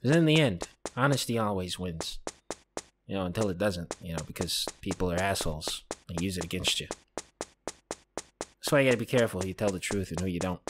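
Deep-voiced male streamer, swearing sarcastic banter, lively pitch, game music. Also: brisk, noisy background. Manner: sarcastic, profane, rambling. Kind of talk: casual let's-play commentary.

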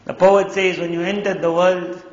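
A man's voice: sits high, little pitch movement, moderate pace. A man preaching a sermon, telling stories and acting out the quoted voices. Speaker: Islamic preacher. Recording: echoey hall, dull lo-fi sound.

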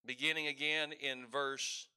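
Bright-voiced man preaching a sermon. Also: medium pitch, flat delivery, unhurried, smooth. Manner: leads the congregation in call-and-response, reads scripture aloud. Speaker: pastor.

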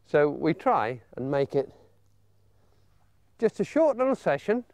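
An older English man with a genial, chatty manner, explaining dog training and coaxing a pup in a high sing-song. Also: big pitch swings, measured pace, a little mellow, no echo. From England. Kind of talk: outdoor training demonstration.

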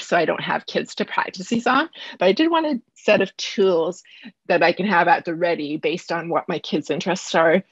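A woman high school math teacher from Canada giving a live online presentation, speaking fast and earnestly with slight nerves, from home over a video call. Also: husky, dry recording, dull audio.

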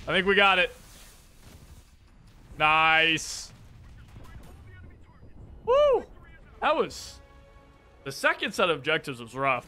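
A man commentating his own shooter gameplay, excitable and reactive, with game gunfire behind him. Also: on the high side. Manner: excitable, reactive, jokey, exclaims often. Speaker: gaming channel host. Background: gunfire and explosions from the game.

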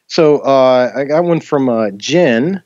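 A man's voice: mid-range voice, slow pace, a little mellow, no room sound, dull audio. A man hosting a podcast in casual chat, rambling with many fillers and restarts. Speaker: podcast host.

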